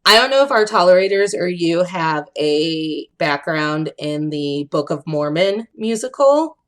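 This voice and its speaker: A woman's voice: lowish voice, measured pace. Chatty young woman telling stories. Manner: animated storyteller, acts out quotes, laughs often. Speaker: podcast co-host. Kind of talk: casual chat, storytelling.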